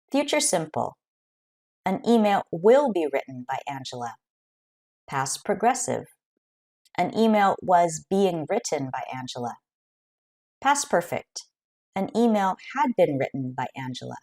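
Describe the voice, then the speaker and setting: A woman teaching an English grammar lesson, explaining clearly and carefully with example sentences. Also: on the low side, mellow.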